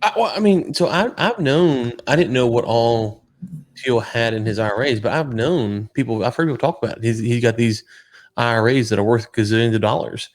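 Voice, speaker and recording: A man's voice: medium pitch, fairly quick. Ranting, sarcastic man. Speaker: podcast co-host. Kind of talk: casual political chat.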